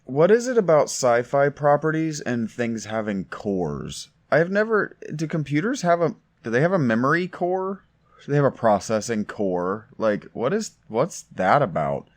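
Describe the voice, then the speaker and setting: A man's voice: mid-range voice, big pitch swings, moderate pace. Sarcastic man commentating on a game. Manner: sarcastic, mocking, complaining. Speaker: let's play commentator.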